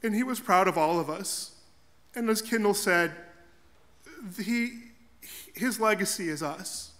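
A man's voice: high voice, unhurried, a bit bright. A young man, a Catholic priest, giving an earnest, heartfelt eulogy for his grandfather in a church. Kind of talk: funeral eulogy.

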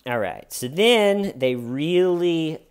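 A man breaking down an interrogation in a loose, chatty way. He is animated and wry, with dry dark humor, and often slips into quoting the people he talks about. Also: a little high, slow, clear, resonant tone. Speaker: true crime commentator. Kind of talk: casual video commentary.

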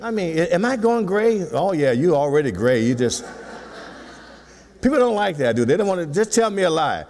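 Man, 60s, pastor, sermon, teasing call-and-response, fairly high voice, reverberant hall. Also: sing-song, fairly quick, darkish tone. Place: church sanctuary.

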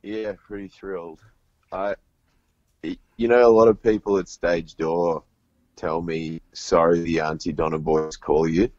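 A man's voice: sits low, level tone, unhurried, a little mellow. A man answers a phone call in a polite, flustered and dry way. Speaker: prank call target. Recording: muffled phone line.

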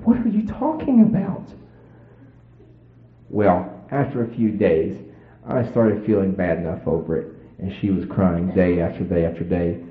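A man preacher telling a personal story in a folksy, animated sermon. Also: low voice, moderate pace. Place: church. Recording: roomy, tinny phone-like old tape.

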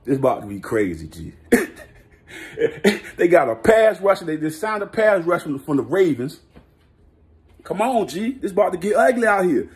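A man ranting as a vlogger, excitable and boastful, with lots of street slang and frequent laughter. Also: high voice, normal speed, long pauses. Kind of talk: sports hot-take rant.

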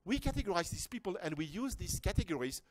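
A Frenchman with a high voice speaks fast and swings widely in pitch, with no echo in the recording. He's casually lecturing a workshop class, rambling through restarts, asides, and rhetorical questions.

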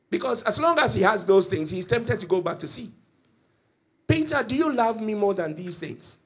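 Man preaching in church, gravelly and a bit husky, gets loud then quiet. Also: on the high side. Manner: impassioned storytelling with swings in volume. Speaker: pastor. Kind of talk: sermon.

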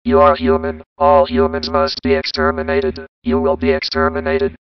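A robot alien killer, super deep flat monotone, crisp but kinda dull lo-fi sound. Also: normal speed, no room sound. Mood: menacing. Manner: monotone commands, harsh and clipped. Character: menacing alien war machine, cold, relentless. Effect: robot filter.

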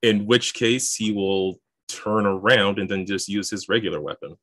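A man's voice: lowish voice, moderate pace, fairly bright tone, no echo. A man working as game master, narrating the action and walking through the rules while thinking aloud, with frequent chuckles. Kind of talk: narrating and adjudicating a tabletop game.

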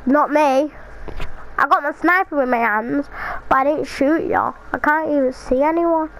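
A young woman chatting casually while playing an online game, excitable and jumpy, with squealing reactions. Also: high voice, a little slow, a little hiss or hum, low-quality recording. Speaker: gamer. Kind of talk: casual gaming chat.

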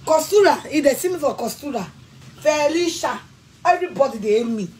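A woman with a Nigerian accent delivers a furious rant, scolding and threatening with sudden shouted bursts. Her voice sits a little higher than most women's. Faint noise hums underneath. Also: lively intonation, a little fast, low-quality recording. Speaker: vlogger. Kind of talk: angry rant to camera.

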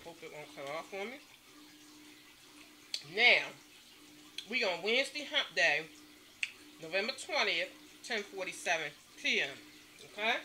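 A woman vlogging from home late at night, chatting to her viewers and calling them honey and y'all at every turn, with loud emphatic stresses. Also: medium pitch, animated, a little slow, pauses often, slight background noise. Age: adult mother. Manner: emphatic, stresses words with bursts of loudness. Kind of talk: casual chat to camera.

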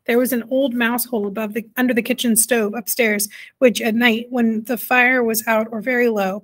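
A woman reading a children's storybook aloud in a measured way, now and then correcting herself. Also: fairly high pitch. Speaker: reader.

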